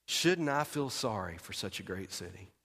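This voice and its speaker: A preacher speaking as a gentle, patient God. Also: male voice, fairly low pitch, animated, normal speed, pitched below the performer's own voice.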